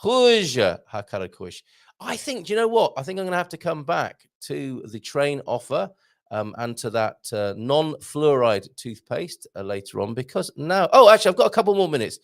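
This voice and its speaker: Reading comments on his live stream, this middle-aged host jokes around with puns and welcomes viewers by name. He speaks at a moderate pace in a creaky voice whose lively pitch leaps upward whenever he greets someone.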